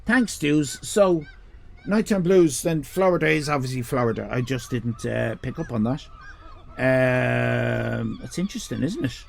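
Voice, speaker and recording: A man's voice: mid-range voice, animated, unhurried, creaky, slight background noise. An Irish man in his fifties chatting with his live chat as a streamer, prone to playful mock-indignant rants. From Ireland. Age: 50s.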